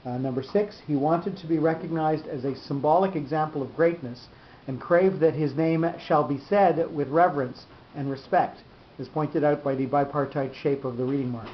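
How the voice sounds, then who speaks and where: Halting male teacher, echoey room. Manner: halting, many restarts and fillers, slows to spell out terms. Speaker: Torah teacher. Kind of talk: study-session explanation. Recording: dull echoey room with faint rumble.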